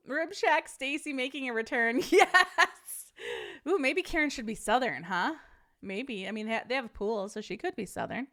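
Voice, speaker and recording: A woman's voice: high-pitched, lively intonation, a little slow, fairly bright tone. A woman hosting a casual live-streamed podcast, chatting with viewers and reading a story aloud, laughing often.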